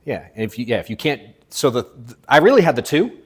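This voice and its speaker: A blunt, profane man in his thirties leads a live sales coaching session. He hammers his points hard, then drops to a low, muttered register. His voice sits at an ordinary middle pitch. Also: big pitch swings, quick pace, slightly rough. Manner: blunt, profane, swings from emphatic to low and quiet.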